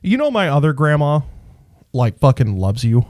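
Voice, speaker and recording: Animated, swearing podcast co-host man. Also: fairly high pitch, moderate pace, no room sound, clean studio sound. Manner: animated storytelling, swears freely. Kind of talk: casual podcast chat.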